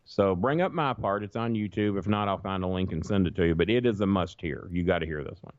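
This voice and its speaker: A man's voice: low-pitched, fast talker, no echo. A middle-aged man, rambling through profane anecdotes on a podcast and acting out what other people said. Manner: profane, rambling anecdotes, acts out quoted voices. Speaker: podcast guest. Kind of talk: casual storytelling chat. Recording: dull lo-fi dry sound.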